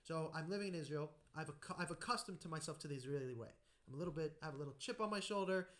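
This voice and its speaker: A man hosting a podcast, telling anecdotes in a casual, animated way and acting out the voices in his stories. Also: a little high, racing. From United States. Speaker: podcast host. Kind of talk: casual conversational storytelling.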